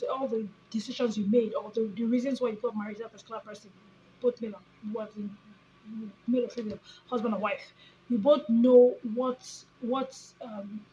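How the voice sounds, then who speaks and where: A woman's voice: fairly high pitch, darkish tone, a little hiss or hum, rough recording. A woman, a mother talking casually to her phone camera in a rambling, self-correcting way, full of restarts. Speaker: vlogger, mom of three. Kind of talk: casual talking-head vlog.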